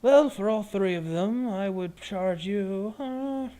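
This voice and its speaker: A man's voice: sits high, slow pace, dark tone, voice pushed up. A man voicing a shrewd male potion brewer who sells his wares and haggles politely but firmly. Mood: bargaining. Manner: bargaining, polite but firm.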